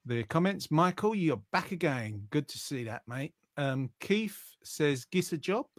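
A jokey man hosts a live online quiz, chatting casually and reading out viewers' comments with plenty of ums. His voice sits a little high for a man. The sound is close and dry. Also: very animated, measured pace, no room sound. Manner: chatty and jokey, with frequent fillers.

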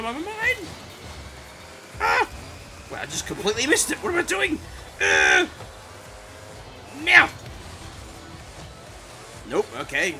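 A man giving excitable, self-mocking commentary over his own gameplay, exclaiming and groaning as it goes. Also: high voice. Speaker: gaming commentator.

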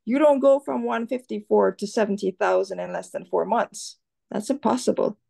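A woman's voice: medium pitch, normal speed, creaky, dark tone. A Jamaican woman talking bluntly and animatedly as an interview guest, swearing freely. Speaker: guest commentator. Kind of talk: outspoken interview talk.

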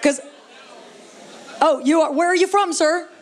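High-voiced brash female stand-up comic. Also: unhurried. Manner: brash, playful, swears freely, banters with audience. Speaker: stand-up comedian. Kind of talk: stand-up set, crowd work. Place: live comedy venue with audience.

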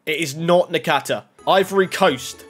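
A young man giving casual pack-opening commentary, swinging from muttering to excited shouting. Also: fairly high pitch, moderate pace, slightly rough, faint music behind. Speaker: gaming YouTuber. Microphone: desk microphone.

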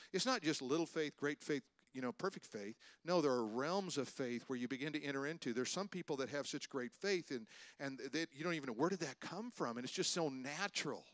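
An older man preaching a sermon as pastor, animated, with loud rises for emphasis and calls out to the congregation. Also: a little high, dry recording. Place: church stage.

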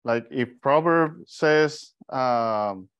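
A man from Mexico teaching an informal Bible study, telling stories in a lively, animated way with restarts. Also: mid-range voice, drawn-out words, clear, resonant tone, dry recording, lo-fi sound.

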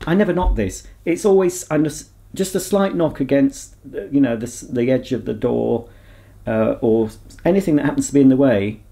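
A man's voice: medium pitch, normal speed, creaky, mellow. A man vlogging in a casual, rambling chat to camera, talking candidly and reflecting on himself.

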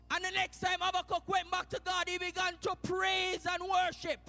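Jamaican male preacher, very high and bright, church sermon that jumps between hushed and shouted. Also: completely flat delivery, normal speed, creaky, few pauses, big-room sound. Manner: swings from low, hushed storytelling to loud shouted preaching. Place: church sanctuary.

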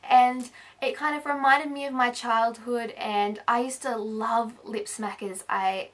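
An Australian woman beauty vlogger chatting casually through a haul, rambling and correcting herself, a little hoarse as she is losing her voice. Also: fairly high pitch, steady tone, measured pace, fairly bright tone. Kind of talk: casual haul video chat.

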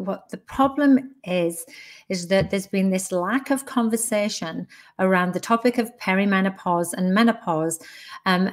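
A woman in her fifties speaks with a Northeast English accent as a podcast guest. She is frank and down to earth, with no fuss. Her voice sits at an ordinary mid pitch. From Northeast England. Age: 50s. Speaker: guest, menopause educator. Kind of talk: casual podcast interview.

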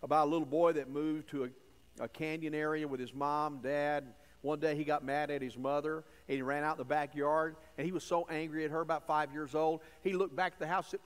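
A man preaching a sermon in a church, folksy and emphatic, dropping to low asides and rising to loud stressed phrases. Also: level tone, quick pace. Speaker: pastor. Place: church sanctuary. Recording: long church reverb.

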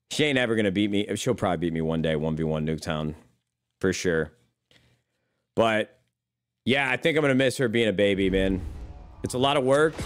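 This young man's fairly low voice comes through on a livestream where he talks loosely with viewers. He wanders from topic to topic, curses without hesitation and addresses everyone as brother.

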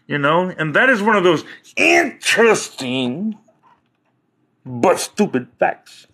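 A man's voice: sits high, big pitch swings, a little slow, fairly bright tone, breathy edge, poor audio. A man hosting a casual livestream, rambling from one joke to the next and chuckling often at his own stories. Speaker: livestream host.

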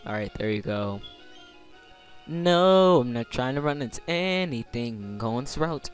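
A young man commenting on a video game playthrough in a sarcastic, rambling, casual way. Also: fairly low pitch. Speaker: let's play commentator.

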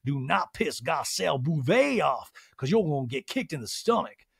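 A man voicing a dramatic woman reality star who talks in a theatrical, drawn-out way. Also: fairly high pitch, sing-song, creaky, breathy edge, dry recording, clean studio sound, exaggerated voice.

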